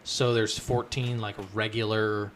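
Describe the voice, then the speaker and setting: A young man co-hosting a gaming podcast, talking in an excitable way, swearing casually as he describes game modes. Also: fairly low pitch, measured pace, a little hiss or hum. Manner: excitable, swears, animated retelling. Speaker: podcast co-host.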